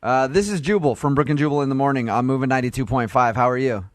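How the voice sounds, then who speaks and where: A man's voice: medium pitch, fast talker, no room sound, clean studio sound. A man hosting a morning radio show, playful and teasing, laughing often as he talks to callers. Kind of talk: morning radio prank-call chat.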